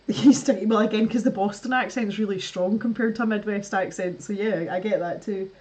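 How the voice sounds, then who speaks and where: A woman from the West Coast of Scotland with a softened West Coast Scottish accent, chatting casually on a livestream, laughing often and restarting her sentences. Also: medium pitch, steady tone, brisk. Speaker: art livestream host. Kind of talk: casual chat reading live comments.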